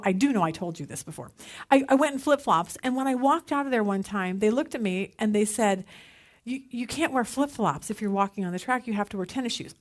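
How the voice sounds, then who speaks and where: Animated woman teaching a Bible study. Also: on the high side. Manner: animated storytelling, acting out quoted voices. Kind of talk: casual teaching talk.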